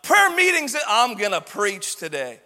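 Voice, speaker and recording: A male pastor preaching a sermon with passion, shouting and letting his voice rise into a sing-song. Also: high-pitched, huge pitch swings, measured pace, long reverb tail.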